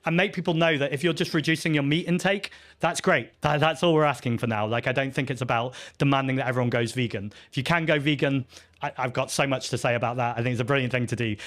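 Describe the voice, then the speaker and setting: A man's voice: medium pitch, fairly even intonation, quick pace, a bit bright. A man, a party leader, answering audience questions at a live festival Q&A in an earnest, chatty, self-deprecating way, with frequent ums and restarts.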